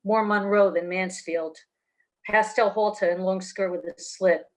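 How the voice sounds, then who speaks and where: A woman's voice: medium pitch, fairly even intonation, measured pace. A woman from New Jersey reading her own noir fiction aloud in a blunt, streetwise way over a video call. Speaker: author reading her work.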